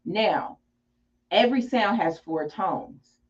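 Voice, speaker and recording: A woman guest in a casual interview, explaining things patiently and telling a lively story. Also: mid-range voice, slow, lo-fi sound. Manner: explanatory, animated storytelling with laughs.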